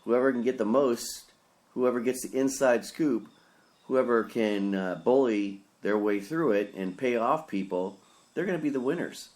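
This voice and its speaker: A man's voice: medium pitch, moderate pace, a little mellow. A man, a pastor, giving a rambling, opinionated solo podcast commentary in a casual, earnest way.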